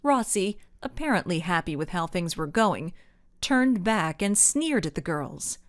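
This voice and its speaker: A woman reading a children's mystery audiobook aloud as narrator, with expressive storytelling. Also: lowish voice, unhurried, dry recording, studio quality. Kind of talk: scripted narration.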